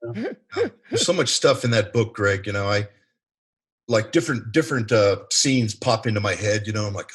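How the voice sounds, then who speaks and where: A man who is a veteran writer, a guest talking in an animated, emphatic way on a casual podcast. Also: lowish voice, moderate pace, slightly rough.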